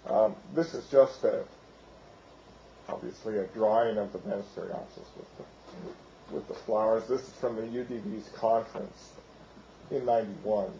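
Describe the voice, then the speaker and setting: Guy losing his voice giving a science talk, gravelly, lots of ums, muffled old recording. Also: fairly low pitch, steady tone, warm tone, a little hiss or hum. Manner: halting, with many fillers and restarts. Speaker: researcher giving a lecture. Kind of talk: academic lecture with slides.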